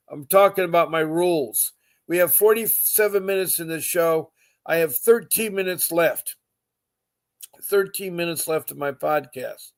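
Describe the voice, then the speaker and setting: A man hosting a live podcast, talking earnestly and emotionally, often repeating himself and greeting viewers. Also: fairly high pitch. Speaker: podcast host.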